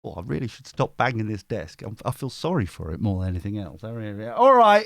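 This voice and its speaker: A man's voice: lowish voice, very animated, quick pace, gravelly, few pauses, no room sound, clean studio sound. A man hosting a tarot livestream, bantering playfully with his chat.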